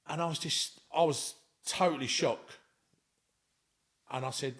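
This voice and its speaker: A man's voice: medium pitch, moderate pace, long pauses, fairly bright tone. A man with a London accent, a podcast guest telling a rambling, earnest story in casual chat. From Scotland. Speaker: interview guest.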